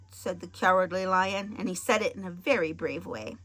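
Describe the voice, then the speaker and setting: A woman reading a children's storybook aloud in a clear, expressive way. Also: fairly low pitch, normal speed, few pauses.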